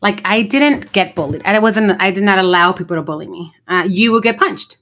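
Middle-aged woman co-host; blunt, lively storyteller, everyday mid-range voice. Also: mid-range voice, brisk. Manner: animated storyteller, blunt and profane. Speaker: podcast co-host. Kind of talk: casual chat.

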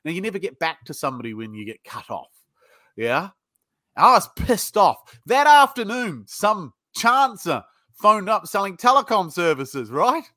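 A British man with a high, bright voice, talking bluntly and swearing freely as he tells sales stories in a casual interview. The sound is close and dry, with no room around it. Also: very animated, moderate pace, dry recording. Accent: British English. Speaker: sales trainer guest.

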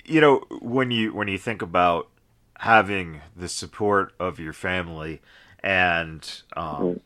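Bright-voiced man hosting, rambling. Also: deep voice, takes it slowly. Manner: rambling, hesitant questions with many restarts. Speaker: podcast host. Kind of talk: casual interview chat.

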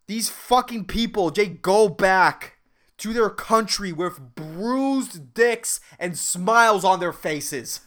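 A man from Puerto Rico rants through a comedy podcast monologue, swearing freely and sounding fed up. His pitch swings up and down as he builds the bit, with a loose, animated delivery. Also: slow. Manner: profane, animated, exasperated. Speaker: podcast host. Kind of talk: comedic rant.

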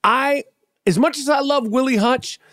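A man hosting a podcast, telling a story in a teasing, profane, animated way. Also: very high voice, normal speed, no echo, clean studio sound. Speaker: podcast host. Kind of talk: casual podcast banter.

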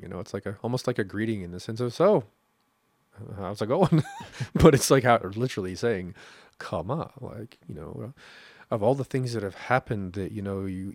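A man's voice: fairly low pitch, darkish tone, no echo. A Canadian man talking casually on a podcast, rambling with restarts and frequent laughs. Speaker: podcast host. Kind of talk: casual conversational podcast talk.

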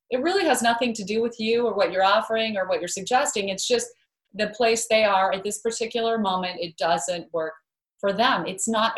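A woman guest in an interview, talking earnestly and telling a story, often repeating words as she starts a thought. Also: medium pitch. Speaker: guest author. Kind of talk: interview conversation.

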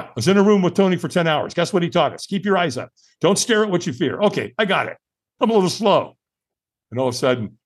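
Animated older male storyteller, husky voice. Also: mid-range voice. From California. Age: 60s. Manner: animated storyteller acting out dialogue. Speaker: guest. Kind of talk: storytelling in a podcast interview.

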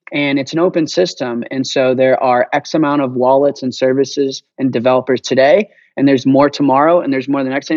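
A man talking as a podcast guest, passionate and fast-flowing, swearing casually as he makes his case. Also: medium pitch, a little mellow, dry recording, lo-fi sound. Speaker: guest, payments company founder. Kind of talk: energetic podcast interview.

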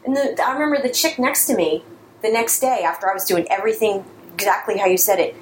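A woman's voice: mid-range voice, fast talker, echoey room, a little hiss or hum, low-quality recording. A woman hosting a conversation who tells a funny story with lots of laughter and acts out the people in it. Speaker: podcast host.

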